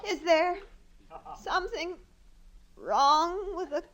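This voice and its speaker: An actress playing an exasperated, reproachful young adult daughter in a 1940s radio sitcom. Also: female voice, very high voice, slow pace, a bit bright, exaggerated voice. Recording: hissy 1940s radio recording.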